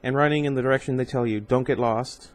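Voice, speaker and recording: A man's voice: mid-range voice, steady tone, fast talker, natural voice. A man reading the lines of a fierce, urgent young female vampire aloud, in a slightly raised, clipped voice. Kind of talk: audiobook reading.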